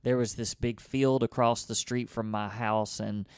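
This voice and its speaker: A man's voice: mid-range voice, steady tone, measured pace, clean tone, dry recording, clean studio sound. A man, co-hosting a podcast and telling a childhood story in casual conversation, acting out his own thoughts as he goes. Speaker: podcast co-host.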